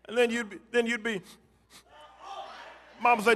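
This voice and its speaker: A man preaches a church sermon. His voice sits very high and rings bright and forceful. He builds on repeated phrases and lets them swell into shouts. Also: level tone, normal speed, long pauses. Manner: rhythmic preaching with repetitions and shouted climaxes. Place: church sanctuary.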